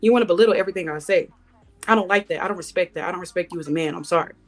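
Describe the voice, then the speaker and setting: Fast-talking blunt woman panelist. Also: on the low side, soft background music. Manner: blunt, passionate, slangy. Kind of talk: heated podcast debate. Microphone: studio podcast mic.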